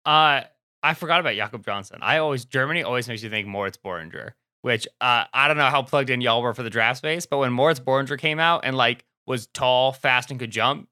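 A man's voice: medium pitch, a little fast, bright, forceful tone, dry recording, clean studio sound. A man co-hosting a football podcast, giving wry, mock-emphatic opinions in casual chat.

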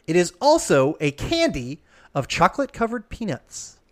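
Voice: medium pitch, moderate pace. A quiz game host reading questions and joking with contestants in an upbeat way. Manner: playful, jokey, animated.

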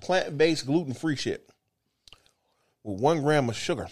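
A man's voice: on the high side, expressive, a little slow, no room sound, studio quality. A man co-hosting a casual podcast, blunt and wisecracking, with heavy swearing. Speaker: podcast co-host. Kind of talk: casual banter.

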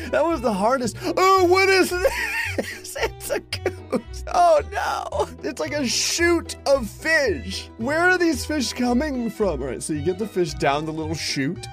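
A man giving let's-play commentary on a mobile game, excitable, laughing often and yelping in surprise. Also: high-pitched. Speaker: gaming commentator.

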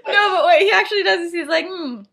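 A woman's voice: very high voice, fast talker, vocal fry, sharp tone. A young woman co-hosting a podcast, casually retelling a fan story in a rambling way, full of "like" and "you know", acting out the characters' lines as she goes. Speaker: podcast co-host.

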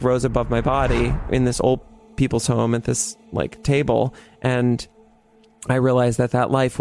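Speaking in a medium-pitched voice with a darkish tone, a young man on a podcast recounts a personal story. He keeps it casual yet dramatic, with laughter and cursing along the way.

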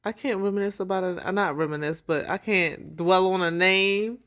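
A woman co-hosting a podcast in casual chat, relaxed and chatty, with informal slang. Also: lowish voice, moderate pace. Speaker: podcast co-host.

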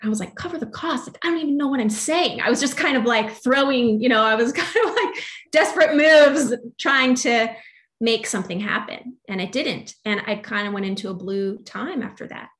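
Speaking at a normal speed in a voice on the high side, the young musician rambles animatedly through her thoughts on faith and doubt. Fillers crowd her speech in this casual conversation about belief.

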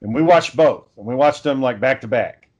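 A man's voice: medium pitch, normal speed, breathy edge, lo-fi sound. Guy rambling thru a sweary story on a podcast, lots of "like" and "um", medium voice. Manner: rambling profane storytelling with many fillers. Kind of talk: casual chat.

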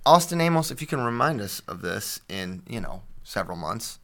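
Bright-sounding guy co-hosting a sports pod, gets animated telling match stories. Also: on the low side, a little fast. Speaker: podcast co-host. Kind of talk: casual sports chat.

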